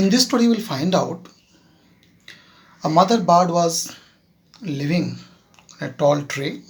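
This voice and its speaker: A man with an Indian English accent tells a moral story to his students. His voice is slightly high and gravelly, and he talks in a slow, halting way with many fillers, often stopping to check that the class is following. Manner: keeps checking with "Clear?". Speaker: teacher.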